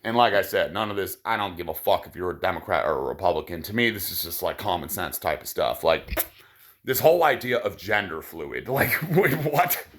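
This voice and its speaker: A man's voice: sits low, animated, fairly quick, fairly bright tone. A man delivering a profane, sarcastic ranting monologue to his viewers. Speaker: vlogger.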